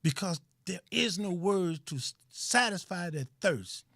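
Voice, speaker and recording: A man with a notably high speaking voice preaches his point as a talk radio host, hammering words through repetition. His delivery is emphatic and blunt, with the odd curse thrown in. The sound is close and dry, with no room around it. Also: lively intonation, a little slow, vocal fry, bright, forceful tone, dry recording. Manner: emphatic, preachy, repeats phrases for stress. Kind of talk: live online radio talk monologue.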